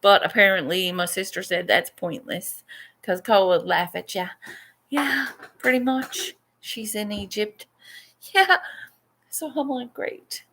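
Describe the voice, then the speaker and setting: A woman's voice: mid-range voice, expressive, a little slow, bright, forceful tone. A Canadian woman artist vlogging casually, venting and swearing freely as she chats about her day. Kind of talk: casual chat.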